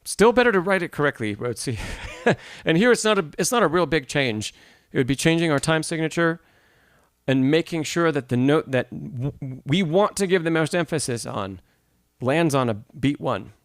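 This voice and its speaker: A man's voice: fairly high pitch, animated, moderate pace, no echo, studio quality. A man teaching piano in a live-streamed masterclass, explaining notation, answering chat questions and singing rhythms aloud.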